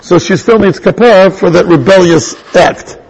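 A man teaching a Torah class in an animated way, restarting sentences and mixing in Hebrew terms. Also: high voice, normal speed, slightly rough, rough recording. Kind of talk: lively Torah lecture.

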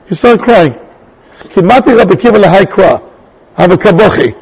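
A man teaching a Torah class in an animated way, restarting sentences and mixing in Hebrew terms. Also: high voice, normal speed, husky, low-quality recording. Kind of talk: lively Torah lecture.

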